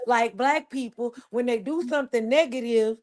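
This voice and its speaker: A woman's voice: a little high, moderate pace. A woman in a heated casual discussion, emphatic and insistent, repeating her points. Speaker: co-host.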